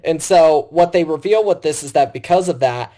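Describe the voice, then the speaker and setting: A man's voice: on the high side, normal speed, warm tone. A man co-hosting a podcast film review, rambling casually and retelling scenes by acting out the lines.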